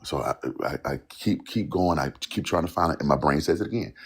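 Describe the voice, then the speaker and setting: A man, a songwriter guest, telling a personal story casually, rambling and halting in places. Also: low voice, slightly rough. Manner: loose, rambling, repeats "you know what I'm saying".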